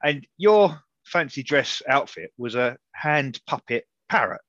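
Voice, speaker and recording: A man's voice: mid-range voice, lively intonation, a little slow, fairly bright tone, no room sound, highs cut off. A man hosting a casual chat, telling rambling stories with many restarts and chuckles. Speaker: podcast host, interviewer.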